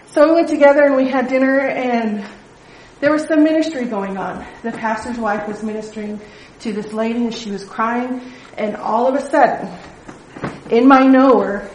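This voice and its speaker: A woman's voice: fairly high pitch, a little hiss or hum. A middle-aged woman leading a Bible study, telling a personal testimony in an earnest, conversational way. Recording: echoey room.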